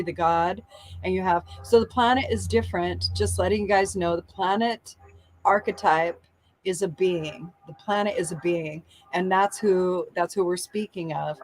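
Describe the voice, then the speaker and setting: A woman's voice: lowish voice, low-quality recording. A woman hosting a spiritual show, talking casually and emotionally after a channeling session, laughing often and swearing freely. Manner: emotional, laughing, swearing, swings between loud whoops and quiet murmurs.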